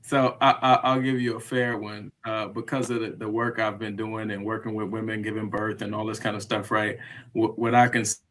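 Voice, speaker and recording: A man on a video call in casual panel chat, halting and repeating words as he thinks aloud. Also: lowish voice, level tone, fairly bright tone.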